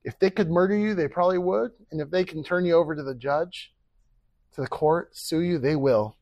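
A man's voice: fairly high pitch, brisk, a little mellow, no room sound. A man preaching a sermon as pastor, earnest and conversational, with rhetorical questions and acted-out quoted speech.

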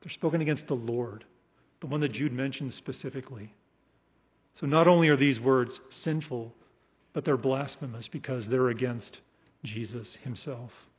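A male preacher giving an expository sermon, emphatic, slowing down to read scripture and trailing off softly at the ends of phrases. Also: medium pitch, husky. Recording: long hall reverb.

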